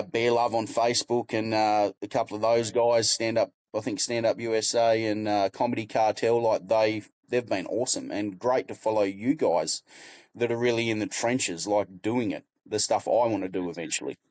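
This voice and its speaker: An easygoing man with a broad Australian accent talks in a relaxed, friendly way, often calling people "mate." His voice sits low, and the sound is close and dry. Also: normal speed, no room sound. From Tasmania, Australia. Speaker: guest comedian. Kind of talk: casual interview chat.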